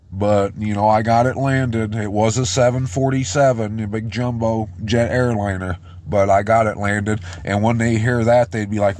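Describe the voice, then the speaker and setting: Low slow guy preaching, choked up, keeps stumbling and restarting. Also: a little mellow, a little hiss or hum. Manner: halting, repeats and restarts words. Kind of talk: informal sermon.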